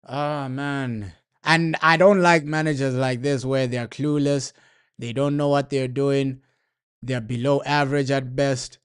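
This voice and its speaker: A man's voice: medium pitch, fairly even intonation, a little slow, clean tone. A man streaming a football watchalong, talking casually in heavy slang and ranting over and over about his team's manager. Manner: slangy, repetitive, frustrated ranting. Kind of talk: casual live match commentary.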